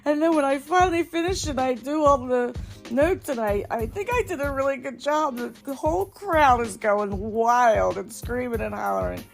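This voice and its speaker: A woman telling funny stories of her own on her podcast, in a chatty, animated way. She laughs a lot, and her voice jumps up high whenever she gets excited. Faint music sits low behind her. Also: moderate pace, gravelly. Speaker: podcast host. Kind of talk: casual storytelling monologue.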